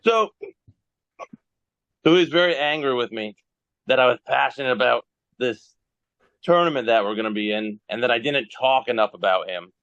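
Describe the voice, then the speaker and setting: A man's voice: mid-range voice, moderate pace, pauses often, fairly bright tone, no room sound, dull audio. A man telling rambling, self-mocking stories in a casual podcast chat over a phone video call. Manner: rambling storyteller who laughs at himself. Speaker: guest wrestler.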